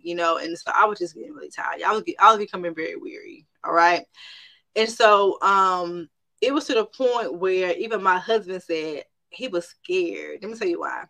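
A woman's voice: fairly low pitch, moderate pace, sharp tone. A middle-aged woman who runs a private practice, giving a personal faith testimony in an emphatic way, repeating phrases and often turning straight to her listeners.

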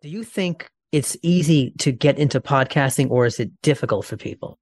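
A podcast host chatting with guests, lively and quick to laugh. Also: mid-range voice. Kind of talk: casual interview chat.

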